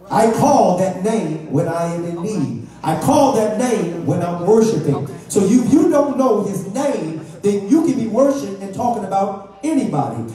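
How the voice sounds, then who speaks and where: A man's voice: sits high, dark tone. A man preaching a sermon as pastor, asking the congregation for amens. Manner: preaching with call-and-response questions. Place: church sanctuary. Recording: echoey church from far off.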